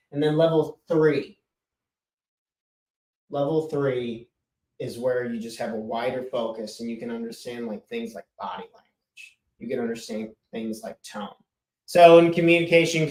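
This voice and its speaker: A male life coach talking casually and emphatically about listening, often letting his tone drop at the end of a point. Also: fairly high pitch. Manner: casual, emphatic, drops tone at sentence ends. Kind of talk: solo podcast talk. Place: room with chalkboard. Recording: echoey room.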